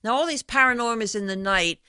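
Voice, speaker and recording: A woman's voice: a little high, brisk, pushed and bright, clean tone, no room sound. A woman hosting a talk show, chatting and retelling stories of conversations she has had. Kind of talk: solo radio talk show monologue.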